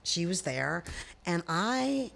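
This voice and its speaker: Animated gravelly-voiced woman telling a story. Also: on the low side, takes it slowly. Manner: animated, profane, acts out quoted voices. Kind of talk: casual storytelling chat.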